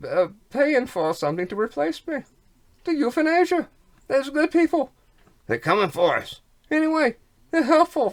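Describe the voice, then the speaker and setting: A vlogger in a rambling monologue who repeats words, breaks into rhyming wordplay and folksy slang, and sounds snotty with a cough. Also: medium pitch.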